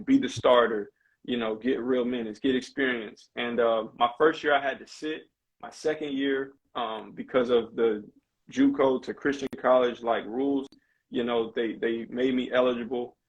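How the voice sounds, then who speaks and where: On a low-quality recording, this medium-pitched male voice keeps a steady tone at a moderate pace. As a former player turned basketball coach, he shares his story on a podcast with candor, energy and plenty of casual slang, in the style of an interview chat.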